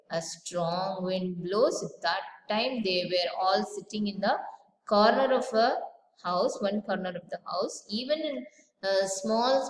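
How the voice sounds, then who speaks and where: A woman's voice: mid-range voice, slight background noise. A woman teacher, retelling a story as a lesson, stopping to explain words and asking her pupils rhetorical questions. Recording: echoey room with faint ambience.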